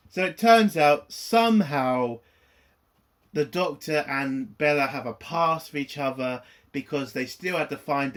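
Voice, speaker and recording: A man's voice: mid-range voice, fairly bright tone. A man ranting through a TV episode review, profane, exasperated and sarcastic.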